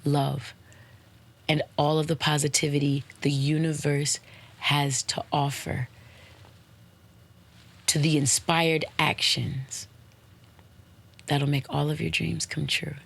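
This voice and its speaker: A woman hosting her own podcast, giving casual motivational talk in a playful, slangy way, with swooping high exclamations and web addresses spelled out letter by letter. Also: little pitch movement, takes it slowly, gravelly, long pauses, husky. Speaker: podcast host.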